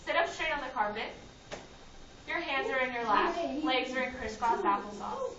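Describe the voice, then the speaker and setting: High-voiced woman teacher, roomy classroom. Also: lively intonation, normal speed, a crowd in the background. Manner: sing-song, calls students by name, gives firm directions. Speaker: kindergarten teacher. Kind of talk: classroom phonics lesson. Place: classroom with children on a rug. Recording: roomy, distant, dull classroom camera recording. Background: children's voices.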